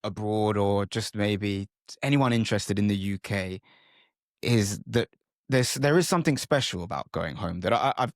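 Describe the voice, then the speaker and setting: A man's voice: fairly low pitch, normal speed, dry recording, studio quality. A man hosting a podcast interview, talking in a thoughtful, reflective way. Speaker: podcast host.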